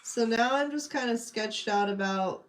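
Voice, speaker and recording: A woman's voice: fairly high pitch, normal speed. A young woman chatting casually with her live-stream chat while she draws, greeting viewers and reading their comments. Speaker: streamer drawing requests.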